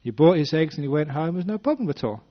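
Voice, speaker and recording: A fast-talking Buddhist monk in his sixties, English-born and living in Western Australia, has a slightly high voice with lively intonation. He tells a funny story during a dharma talk, voicing the characters, in a dull lo-fi recording.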